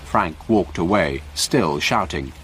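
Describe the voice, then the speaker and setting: A man narrating a graded English story for learners in a slow, clear reading voice. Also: low-pitched, lively intonation, fairly bright tone, slight background noise.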